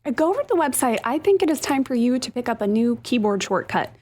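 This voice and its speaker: A woman's voice: fairly high pitch, sing-song, quick pace, darkish tone. A woman co-hosting a podcast, sharing a news item and a tech tip in an upbeat way. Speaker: podcast co-host. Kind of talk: casual chat, reading a news item.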